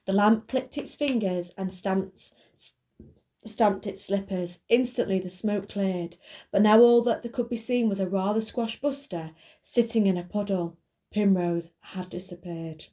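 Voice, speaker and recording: A woman, a primary school teacher reading a children's book aloud clearly and expressively. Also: medium pitch, unhurried, mellow.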